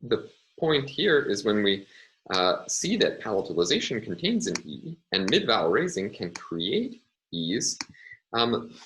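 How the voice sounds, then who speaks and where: A man with a very deep voice talks through a recorded lecture, slow and deliberate, pausing often on fillers as he works through examples. Faint clicking sits behind him. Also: very animated, a bit bright, slight background noise, poor audio. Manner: hesitant, many fillers, deliberate explaining. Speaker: linguistics lecturer.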